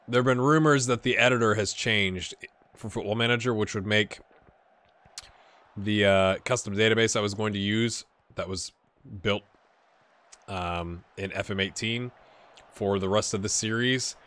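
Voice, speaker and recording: A man casually commentating a football management game, rambling and questioning himself, with sudden bursts of excitement. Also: on the low side. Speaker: gaming YouTuber.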